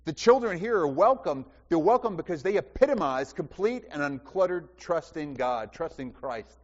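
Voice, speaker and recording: A man with a fairly high, very lively voice preaches a sermon, asking the congregation questions and repeating phrases for emphasis. His voice rings through a church hall with a long reverb. The recording sounds dull. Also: moderate pace. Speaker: pastor.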